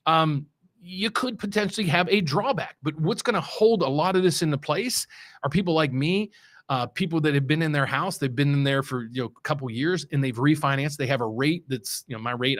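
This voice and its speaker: A man's voice: on the high side, fairly bright tone. A middle-aged man from West Virginia, a mortgage loan officer hosting his show, talking in a loose, rambling way with many restarts and heavy stress on key words. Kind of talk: casual unscripted market commentary.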